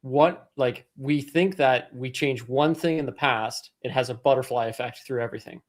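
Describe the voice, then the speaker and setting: A man who is an author guest on a podcast, rambling and thinking out loud in casual chat. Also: mid-range voice, moderate pace.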